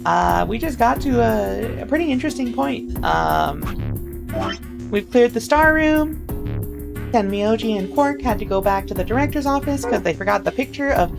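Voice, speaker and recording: A woman's voice: fairly high pitch, very animated, moderate pace, creaky. Woman streamer, slightly scratchy, eager and rambling, game music under her voice. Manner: chatty, rambling, greets chat eagerly. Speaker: VTuber streamer. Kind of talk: casual live-stream chat while playing.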